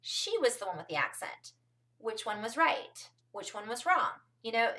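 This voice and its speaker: A woman's voice: on the high side, bright, forceful tone, distant mic. A woman from California rambling through a casual spiritual talk to her viewers, with frequent ums and asides. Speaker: spiritual vlogger.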